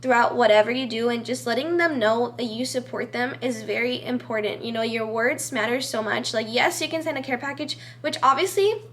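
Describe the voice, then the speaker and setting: High-voiced chatty young woman. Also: brisk, hardly any pauses, fairly bright tone, slight background noise. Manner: chatty, heavy use of "like" and "you know", earnest and encouraging. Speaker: vlogger giving advice. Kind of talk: casual advice vlog talking to camera.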